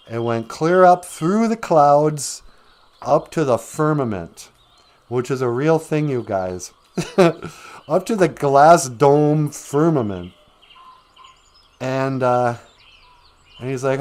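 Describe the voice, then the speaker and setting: A man's voice: mid-range voice, expressive, slow pace, long pauses, a little mellow. A man hosting a live stream, retelling a fairy tale casually with rambling, joking asides. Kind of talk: casual comedic storytelling.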